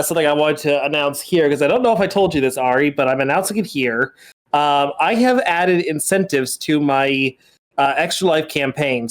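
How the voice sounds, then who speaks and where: A man chatting casually with a friend on a voice call, laid-back and wry. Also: on the high side. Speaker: friend on the stream.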